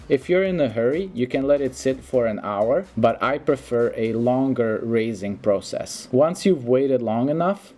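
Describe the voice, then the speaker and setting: A man hosting a home cooking video, giving steady step-by-step recipe instructions in a voice-over. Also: medium pitch. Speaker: home cooking channel host.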